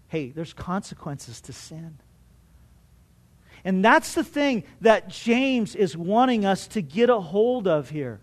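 A middle-aged male pastor preaching a sermon, telling a personal story earnestly and swinging between loud and hushed. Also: sits high, very animated, slow pace, pauses often. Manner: earnest storytelling with restarts and strong swings in loudness.

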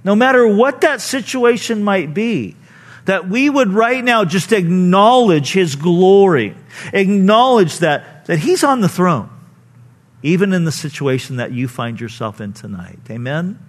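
A man's voice: animated, unhurried. A male pastor preaching a conversational sermon, teaching informally with frequent asides and acting out the people he quotes. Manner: acts out quoted people with raised pitch.

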